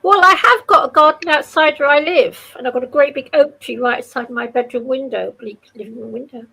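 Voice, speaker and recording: A woman's voice: sits high, brisk, gravelly, pushed and bright, husky, low-quality recording. A woman taking part in a live online discussion, chatty and repeating herself. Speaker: participant. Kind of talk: casual chat.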